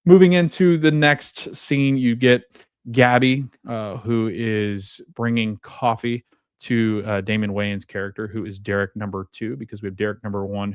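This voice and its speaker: A young man giving a casual, animated recap of a TV episode as a podcast host, laughing often and acting out lines. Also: medium pitch, no echo, clean studio sound.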